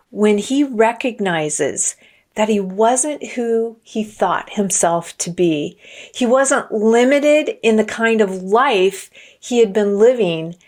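Earnest woman telling a fable. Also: mid-range voice. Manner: earnest, many restarts and fillers. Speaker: motivational speaker. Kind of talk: storytelling motivational talk.

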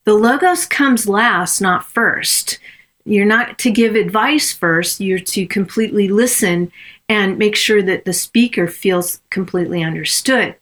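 A woman coach and consultant teaching in a podcast episode, speaking in a measured, reflective way with frequent ums. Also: mid-range voice, fairly bright tone.

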